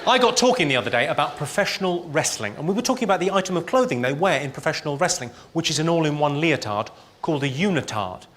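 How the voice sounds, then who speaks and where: A man performing a stand-up comedy set in deadpan one-liners, with clipped delivery. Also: a little high, fast talker. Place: large venue with live audience. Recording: live show with loud crowd laughter and noise.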